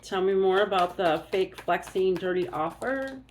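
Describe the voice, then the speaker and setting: A woman's voice: mid-range voice, expressive, moderate pace, a little hiss or hum. A woman doing a casual oracle card reading, musing aloud and thinking as she goes.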